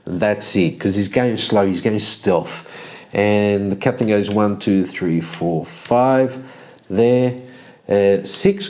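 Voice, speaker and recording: A man casually narrating a solo tabletop game, counting out moves and chuckling at the dice. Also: lowish voice.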